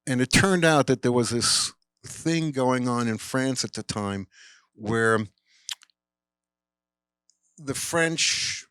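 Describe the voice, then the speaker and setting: A man telling a rambling, animated anecdote at a cinema Q&A, full of fillers and acted-out quotes. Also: mid-range voice, slow pace, pauses often, clean tone, dry recording. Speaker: guest filmmaker at a Q&A.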